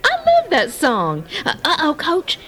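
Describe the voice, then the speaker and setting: A woman's voice: high-pitched, huge pitch swings, measured pace, a bit bright. A woman acting as a vain, chatty sports correspondent in a comedy radio sketch.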